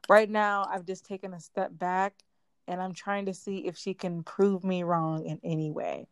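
A woman's voice: on the low side, normal speed, smooth, dry recording. A young woman co-hosting a podcast, chatting casually, laughing often and trailing off mid-thought. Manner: excitable, laughing, trails off and restarts. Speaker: podcast co-host. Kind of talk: casual chat.

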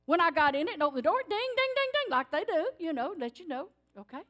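An older woman giving a sermon in church, telling stories in an animated, emphatic way. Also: high voice, quick pace. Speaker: church speaker. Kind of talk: sermon testimony.

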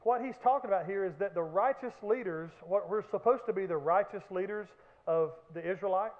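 A man preaching a sermon as pastor, animated, with acted-out shouts and joking asides. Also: sits high, brisk. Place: church sanctuary. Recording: echoey hall, phone-like band.

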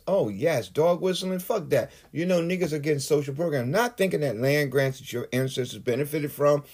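Husky man on an angry, profane rant. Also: fairly high pitch, fairly quick, few pauses, darkish tone. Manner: heated, swearing, builds to outbursts. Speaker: political commentator.

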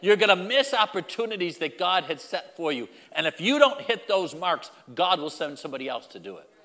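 Man, pastor mid-sermon: lively swinging delivery, bright and forceful, addresses the flock head-on. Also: sits high, a little fast, big-room sound. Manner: emphatic, repetitive preaching with direct address.

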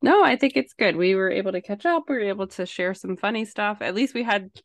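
A young to middle-aged mom who works as a social worker co-hosts a podcast, chatting casually and rambling with self-deprecating asides. Her medium-pitched voice moves fast, with no room sound.

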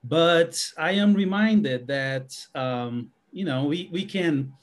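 A man speaking as a guest in a casual discussion, with halting speech and frequent restarts. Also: a little high, animated.

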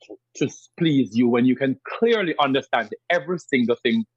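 This Jamaican podcast guest talks briskly in a husky mid-range voice, his strong accent carrying an emphatic, animated tone as he chats casually and repeats himself a lot. There's no echo, but the high frequencies are cut off.

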